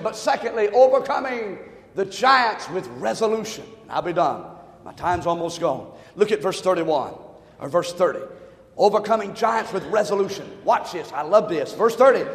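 A man preaching a sermon, telling a folksy joke story and swinging from quiet talk to shouting. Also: sits high, animated, moderate pace. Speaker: pastor. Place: church sanctuary. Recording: echoey hall, long reverb.

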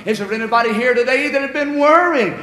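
Male pastor, high bright voice, emphatic storytelling sermon, recorded in a reverberant church. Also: quick pace. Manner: storytelling preacher, emphatic and repetitive. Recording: echoey hall with long reverb.

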